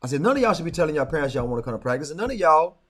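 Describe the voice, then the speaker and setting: A middle-aged man co-hosting a podcast, telling stories in casual chat, animated, repeating words and breaking into quick laughs. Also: fairly high pitch. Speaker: podcast co-host.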